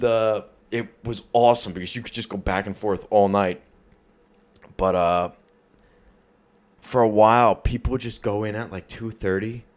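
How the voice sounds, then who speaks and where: A man with a New York accent, co-hosting a podcast and telling profane, animated bar stories in casual chat. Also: lowish voice. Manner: profane, animated storyteller, acts out rowdy drunks. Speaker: podcast co-host.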